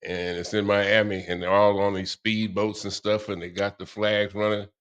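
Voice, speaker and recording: A man's voice: lowish voice, level tone, normal speed, fairly bright tone, smooth, highs cut off. A man in his late seventies, co-hosting a casual political chat, talking bluntly with lots of swearing and laughter. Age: 70s. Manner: blunt, profane, laughs often. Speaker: co-host, father.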